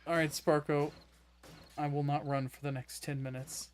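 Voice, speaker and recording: Rambling, laughing gaming host. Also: male voice, on the high side, little pitch movement, normal speed, slight background noise. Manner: rambling and self-interrupting, with frequent laughter. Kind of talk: casual co-op gameplay chat.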